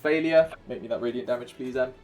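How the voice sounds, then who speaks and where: A man's voice: mid-range voice, fast, a little mellow, soft background music. A man from Wales with a Welsh accent, narrating as dungeon master, counting dice aloud and humming filler sounds. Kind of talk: narrating a tabletop game.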